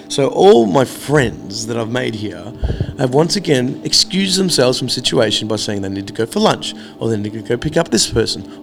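A man telling a casual, animated story about staying at a hostel. He swears freely and acts out each side of the arguments he recounts. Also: mid-range voice, vocal fry.

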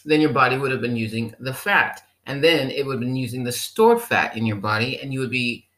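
A bright, clear voice talks right to the camera like a friendly coach. The delivery is animated and teasing, acting out the listener's own excuses with a wink. This is a health vlogger giving a pep talk. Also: medium pitch, fairly quick. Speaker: health vlogger addressing people with diabetes. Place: living in a German-speaking country.

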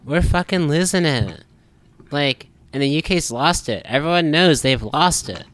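A man co-hosting a casual podcast chat, laid-back and jokey, halting with filler words. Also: fairly high pitch, lively intonation, a bit bright. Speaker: podcast co-host.

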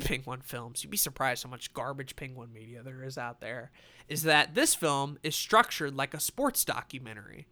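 A young man casually reviewing animated films, excitable and swearing freely. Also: on the high side. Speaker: film reviewer.

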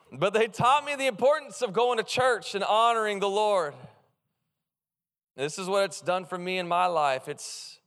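A man's voice: on the high side, clean tone. A man preaching a sermon, telling humorous stories and calling out to his congregation. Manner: humorous, animated, calls out to the congregation. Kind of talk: sermon with personal storytelling. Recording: long hall reverb.

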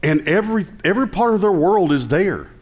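A man with a Southern American accent preaches from the pulpit in a somewhat high voice. He keeps it conversational and joking, then climbs into loud, emphatic declarations. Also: animated, brisk. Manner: conversational preaching with jokes and rising emphatic passages. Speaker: pastor. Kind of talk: sermon.

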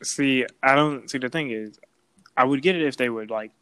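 A man's voice: medium pitch, moderate pace, sharp tone, smooth, no room sound, low-quality recording. A young man, chatting casually and animatedly, acting out voices in his stories. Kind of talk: casual chat.

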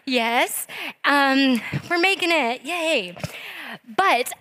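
A woman preaching in a loose, conversational way, with a voice pitched a little high for a woman. She tells stories with plenty of asides to the congregation. The sound is dry and close, with little room echo. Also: animated, very slow, pushed and bright. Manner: chatty and informal, with many fillers and asides to the congregation. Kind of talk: conversational sermon storytelling.

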